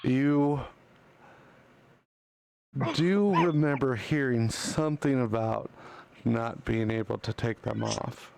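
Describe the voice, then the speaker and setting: A man's voice: mid-range voice, takes it slowly, creaky, long pauses, darkish tone. A man running a tabletop game as dungeon master, calling for rolls and describing outcomes.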